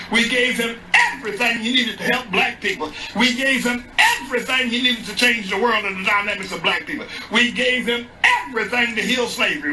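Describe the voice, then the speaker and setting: A man's voice: high-pitched, brisk, hardly any pauses, bright, forceful tone. A man preaching emphatically, building his point with repeated phrases. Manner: repetitive building cadence. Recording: distant slightly noisy clip.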